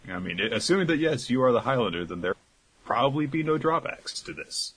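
A man's voice: mid-range voice, big pitch swings, a little fast, fairly bright tone, breathy edge. A man co-hosting a podcast, chatting casually and teasing his co-host dryly. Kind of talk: casual chat.

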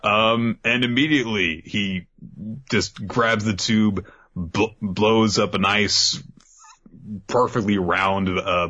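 A man's voice: fairly low pitch, sharp tone. A man hosting a podcast, recapping a show in casual rambling chat and laughing often. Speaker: podcast host. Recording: dull lo-fi.

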